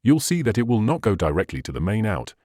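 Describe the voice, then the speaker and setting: A synthesizer tutorial host guides viewers patiently through the settings on screen, step by step, in slightly non-native phrasing. He's a fast talker with a lowish, sing-song voice that's dark and slightly rough, recorded dry in clean studio sound.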